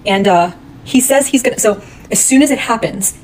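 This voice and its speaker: A woman's voice: fairly high pitch, normal speed, a little mellow, slight background noise, poor audio. A woman retelling a true crime case in a casual, blunt, heated way, swearing often.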